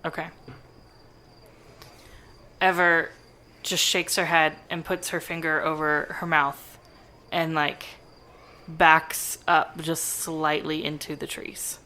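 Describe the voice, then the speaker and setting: A woman's voice: deep voice, little pitch movement, slow, pauses often, bright, forceful tone. A woman playing a tabletop role-playing game, chatting casually with the game master about her character's moves. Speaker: player.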